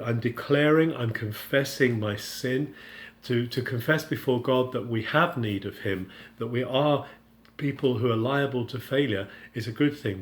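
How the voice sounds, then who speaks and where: A man giving an earnest devotional Bible teaching, speaking unscripted with frequent halting restarts and paraphrasing scripture in the first person. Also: mid-range voice.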